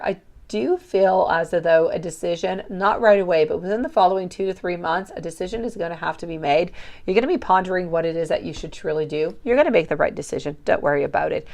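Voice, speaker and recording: Gravelly-voiced woman reading tarot. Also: fairly low pitch, a little mellow. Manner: chatty, affectionate, calls viewers sweetie. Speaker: tarot reader.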